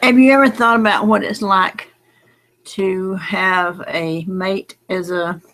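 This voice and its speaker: A woman's voice: medium pitch, fairly even intonation, slow, a bit bright. A middle-aged woman, talking in a late-night casual vlog, rambling and folksy, drowsy and close to tears. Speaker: lottery number vlogger.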